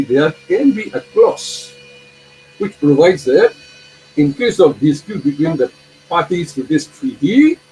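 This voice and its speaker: A man lecturing a university law class, explaining terms slowly, repeating them and putting questions to the students. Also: fairly high pitch, warm tone, slight background noise, rough recording.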